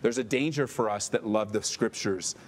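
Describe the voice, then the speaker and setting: A man preaching a sermon, emphatic, asking the listeners questions, rising for stress and dropping low for solemn lines. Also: moderate pace. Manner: asks the listeners rhetorical questions. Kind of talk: expository sermon.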